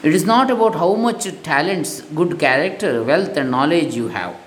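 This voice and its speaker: A man's voice: on the high side, expressive, moderate pace, a little hiss or hum. A man earnestly reading a spiritual lesson aloud, moralizing and telling a parable, recorded in an echoey room. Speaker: spiritual teacher.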